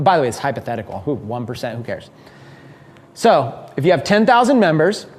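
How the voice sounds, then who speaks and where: Energetic man teaching a seminar. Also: fairly high pitch. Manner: energetic, conversational, acts out listeners' thoughts. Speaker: business speaker teaching a mastermind. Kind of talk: live seminar talk.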